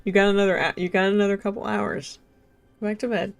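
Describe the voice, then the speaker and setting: A woman voicing her boyfriend in a story, as a calm young man patiently soothing her. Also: medium pitch, quick pace, gravelly, soft background music, lightly acted.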